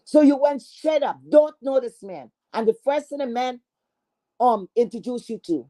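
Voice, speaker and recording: A woman's voice: fairly high pitch, lively intonation, moderate pace, dark tone. A woman delivering an angry, profane callout rant, confrontational and scornful, often repeating herself. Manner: repetitive, stammering restarts. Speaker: online streamer.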